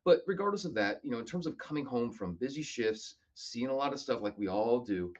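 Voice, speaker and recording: Animated male storyteller, lively pitch. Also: brisk, muffled recording. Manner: animated storyteller who acts out other people's lines. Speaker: podcast guest, firefighter. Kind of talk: casual storytelling.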